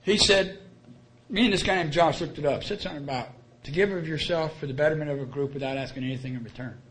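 Man, slightly high voice, earnest recovery-meeting share, folksy and repetitive, faint hiss behind. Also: fast, a bit bright. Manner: earnest, colloquial, repeats key phrases. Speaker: speaker sharing his story at a recovery meeting. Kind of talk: plain-spoken personal testimony.

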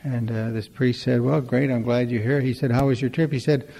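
A man's voice: medium pitch, fairly even intonation, a little fast, gravelly, dark tone, in a large hall. A man giving a storytelling talk at a recovery meeting, conversational and wry, acting out the dialogue in his stories.

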